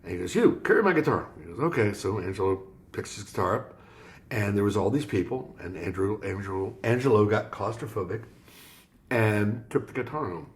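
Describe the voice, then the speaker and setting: A man from Florida, a guest on an interview podcast, tells a story in a fairly low voice. He acts out the dialogue of everyone in the story as he goes. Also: normal speed. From Florida, USA. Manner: animated storyteller acting out quoted dialogue. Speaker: guest musician.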